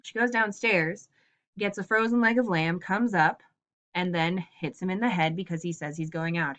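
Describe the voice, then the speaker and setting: A woman's voice: on the low side, moderate pace, fairly bright tone, lo-fi sound. A woman teacher giving a casual lesson, recapping a story with playful asides before reading it aloud. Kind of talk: class lesson with read-aloud.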